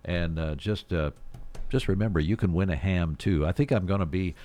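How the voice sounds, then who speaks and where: A man's voice: sits low, normal speed, warm tone. A male radio host in a studio, talking in a folksy, rambling way with chuckles. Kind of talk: morning radio show.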